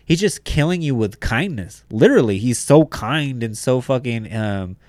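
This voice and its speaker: A man's voice: mid-range voice, lively intonation, moderate pace, darkish tone, no echo, clean studio sound. A man co-hosting a casual podcast chat, swearing freely and sometimes searching for words. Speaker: podcast co-host.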